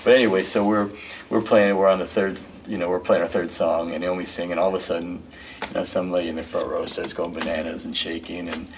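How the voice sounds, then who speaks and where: Middle-aged man, interview guest, rambling storyteller, quick talker, slightly distant mic, faint noise. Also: deep voice. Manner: rambling, filler-heavy, animated storyteller. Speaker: musician and record producer, guest.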